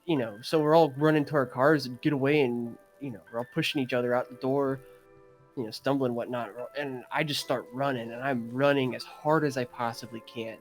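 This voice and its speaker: A young man on a podcast, casually retelling a dream in a rambling, animated way, full of fillers and throat-clearing. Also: medium pitch, fairly quick, faint music behind. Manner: animated, gets excited retelling. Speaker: podcast co-host. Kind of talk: casual storytelling.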